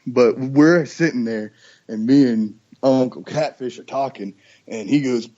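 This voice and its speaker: A man, a duck call maker, chatting casually on a podcast and telling lively stories with imitated calls. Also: mid-range voice, measured pace, lo-fi sound. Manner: animated storyteller, imitates duck calls and voices.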